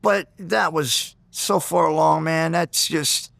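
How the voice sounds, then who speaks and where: Animated man telling a fight story. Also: fairly high pitch, takes it slowly, creaky, dry recording. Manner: animated, acts out the people in his stories; restarts and repeats words. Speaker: interview guest. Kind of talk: interview storytelling.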